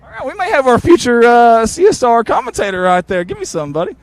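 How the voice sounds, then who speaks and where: A man, reporting from the sideline of a football field after a game and interviewing people with eager, warm praise. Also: extremely high pitch, fast talker. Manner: excited, warm toward players, repeats "I'm gonna tell you something".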